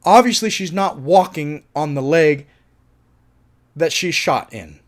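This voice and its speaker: A man's voice: on the high side, expressive, takes it slowly. A man reviewing a film in a casual monologue. He is enthusiastic, laughs often and swears freely.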